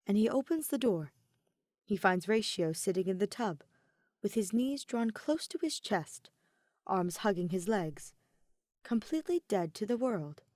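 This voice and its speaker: A woman reading a fan fiction story aloud in a steady, measured audiobook narration. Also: medium pitch, dry recording, clean studio sound. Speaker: podfic reader.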